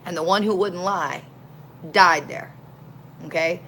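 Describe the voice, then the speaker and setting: A woman's voice: on the low side, measured pace, slight background noise, poor audio. Folksy woman street minister telling stories. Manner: folksy, slangy, animated. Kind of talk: casual storytelling.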